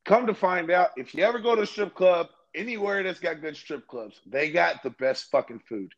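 A man's voice: high voice, expressive, moderate pace, muffled recording. A young man co-hosting a podcast, telling rambling, profanity-laced stories in casual chat. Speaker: podcast co-host.

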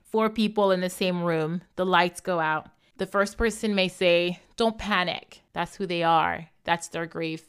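A woman talking candidly and reflectively as a host, animated at times, laughing often and acting out the voices of people she quotes. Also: fairly low pitch, measured pace, smooth. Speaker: podcast host. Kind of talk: personal reflective monologue.

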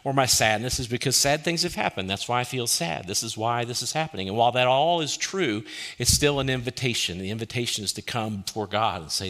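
Male pastor delivering a sermon; bright, forward tone, mid pitch, heavy use of rhetorical questions and hushed quotes. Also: fairly quick. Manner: asks many rhetorical questions, drops soft and quiet for quoted lines.

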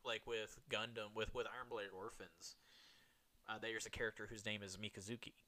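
A man's voice: on the low side, little pitch movement, brisk, pushed and bright. A man in casual chat, talking loosely, swearing often and laughing a lot.

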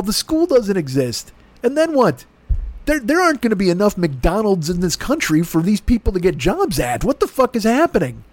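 This podcast host's voice sits high and is a little mellow, with no echo. On his comedy podcast he delivers an exasperated, profane, rambling rant as a monologue.

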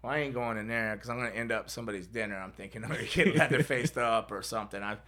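Gravelly man telling a rambling story. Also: on the low side, fast, pushed and bright. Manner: rambling, laughing, acts out other voices. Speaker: podcast host. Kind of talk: casual storytelling.

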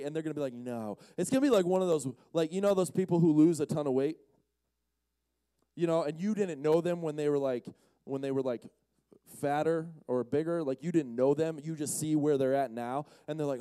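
A man giving a casual, storytelling sermon, animated and slangy, acting out the characters as he retells the story. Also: on the high side, normal speed, clear, resonant tone, no room sound. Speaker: speaker at a Friday night session.

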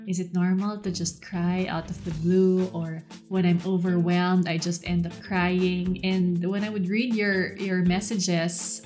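Slow, soft-spoken woman. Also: fairly low pitch. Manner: soft, reflective, unhurried. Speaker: podcast host. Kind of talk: solo storytelling podcast.

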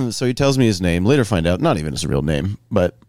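A man's voice: on the low side, a little fast, no room sound. A young man, a comedian and podcast co-host, telling a profane story in a casual chat and acting out what people said. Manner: profane, animated retelling with acted-out quotes.

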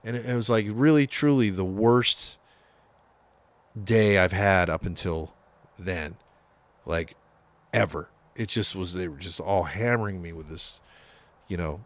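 Guest: man, Bay Area metal guitarist, low voice, swears a lot, acts out quotes as he tells the story, dry room sound. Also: unhurried, long pauses, no room sound. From San Francisco Bay Area. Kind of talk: casual storytelling interview.

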